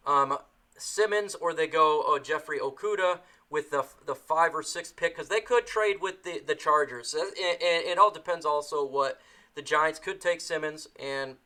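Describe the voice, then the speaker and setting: A man's voice: on the high side, normal speed, bright, forceful tone. A man hosting a casual live sports stream, tired after a long day, emotional and repeating his phrases. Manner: emotional, repeats himself, ends lines with "man". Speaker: sports channel host.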